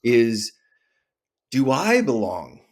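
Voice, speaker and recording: An older man hosting a podcast interview, talking in a calm, reflective way and asking gentle questions. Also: medium pitch, drawn-out words. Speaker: podcast host. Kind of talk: conversational interview.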